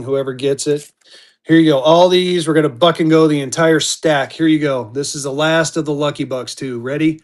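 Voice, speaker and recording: A man with a fairly high, drawling voice and a darkish tone calls out lots on a live auction stream. He speaks in quick, hyped bursts, repeating his calls and pushing bidders on.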